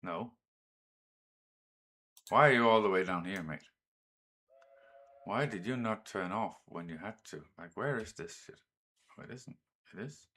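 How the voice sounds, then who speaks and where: A man with a Danish accent, talking through a game at an unhurried, drawn-out pace. His voice sits a little low, and he chats to his trains and swears when a route goes wrong. Keyboard clicks and typing are heard behind him. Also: animated, pushed and bright. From Denmark. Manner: slow and drawn out, thinking aloud while setting up routes. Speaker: gaming streamer. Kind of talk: casual gameplay commentary.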